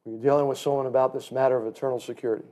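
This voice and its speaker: A man's voice: medium pitch, level tone, racing, mellow. A man teaching a church class in a sermon style, folksy and emphatic, calling his listeners friend.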